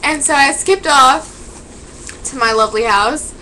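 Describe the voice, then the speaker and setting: A woman's voice: high voice, unhurried, pushed and bright, slight background noise, poor audio. A woman vlogger spinning a silly made-up story in a playful, offhand way.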